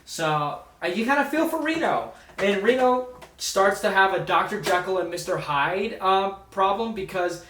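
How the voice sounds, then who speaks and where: A man's voice: high voice, lively intonation, moderate pace, a bit bright, a little hiss or hum. Man, casual horror movie review, rambling, lots of ums, distant mic. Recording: echoey room, distant mic.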